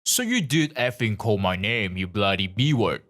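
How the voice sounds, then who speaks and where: A rude, aggressive man barking insults at a stranger, as a narrator puts him on. A lower male voice that swings up when he shouts. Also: expressive, unhurried. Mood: angry.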